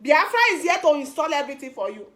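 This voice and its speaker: A woman's voice: sits high, expressive, fast talker, fairly bright tone. A young woman with a Nigerian Pidgin accent giving an impassioned activist speech, rousing and repeating lines for emphasis. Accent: Nigerian Pidgin English. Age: young adult. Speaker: activist speaker.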